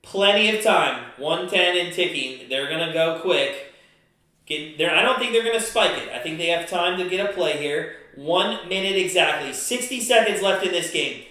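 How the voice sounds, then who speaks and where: High-voiced man calling plays live. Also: lively intonation. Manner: fast play-by-play, bursts into angry shouting and swearing. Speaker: live-stream host calling a football game. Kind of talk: excited play-by-play live reaction. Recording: very echoey room.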